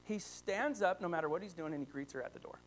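A high-pitched male preacher in his thirties delivers a sermon full of family anecdotes. He tells his stories with animated energy and lively swings in volume. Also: fast talker, slight background noise. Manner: animated storytelling, rising to excited shouts. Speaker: pastor.

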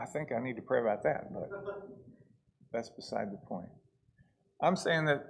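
A man preaching a sermon, swinging between hushed asides and loud, pleading passages. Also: medium pitch, gravelly. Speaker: pastor.

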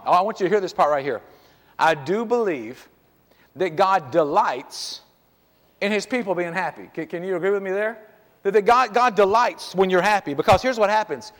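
High-voiced preacher in a reverberant hall. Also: male voice. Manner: conversational preaching with repeated stammered restarts. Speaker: pastor. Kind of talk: sermon. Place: church sanctuary. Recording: church hall with long reverb.

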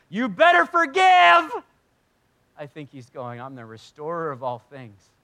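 A man preaching a sermon to a congregation in a church hall, speaking earnestly and conversationally, swinging from loud emphasis to hushed tones. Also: mid-range voice. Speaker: pastor.

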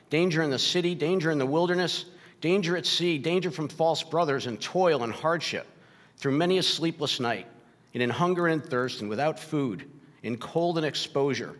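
Guy preaching in a church, kinda high voice, long echo off the walls, chatty style. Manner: emotional, gets choked up and laughs; conversational preaching with frequent "right?". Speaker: pastor. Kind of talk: sermon. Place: church sanctuary. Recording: long hall reverb.

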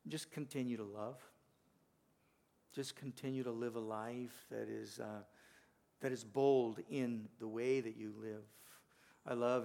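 A man preaching a sermon as pastor, with a gravelly, creaky edge on a mid-range voice. He talks earnestly, pushing some phrases louder and letting others fall soft. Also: mid-range voice. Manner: earnest preaching, rising and dropping to quiet.

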